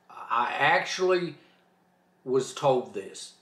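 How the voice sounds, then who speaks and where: A man's voice: a little high, expressive, slow, sharp tone, reverberant. A man hosting his own trucking channel, talking off the cuff in a fired-up, preachy, emphatic way. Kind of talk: off-the-cuff vlog rant.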